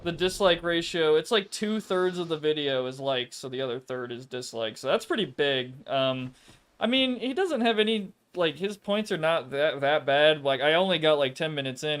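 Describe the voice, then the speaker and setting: A man's voice: on the high side, expressive, normal speed, fairly bright tone, clean tone. Hesitant man chatting casually. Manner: hesitant, full of "like" and "I don't know". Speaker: co-streamer. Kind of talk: casual chat.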